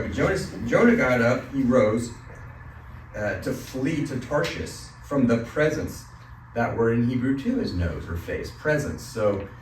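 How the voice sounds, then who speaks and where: A man teaching a Bible study class in casual, conversational style, asking the group questions and telling light stories. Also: mid-range voice. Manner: conversational, asks the class questions, tells a joking story. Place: church classroom. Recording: roomy, mic from a distance, faint noise.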